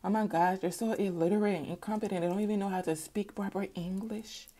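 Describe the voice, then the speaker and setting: Brief: a woman mocking a stuck-up, sneering woman, low and hushed. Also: fairly even intonation, quick pace, natural voice. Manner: hushed, scornful mimicry. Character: snooty woman sneering at how others talk.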